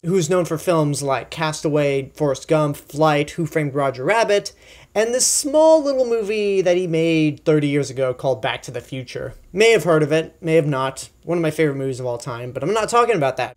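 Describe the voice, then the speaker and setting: A young man giving a casual, chatty film review, enthusiastic and full of asides and fillers. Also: fairly high pitch. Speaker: movie reviewer.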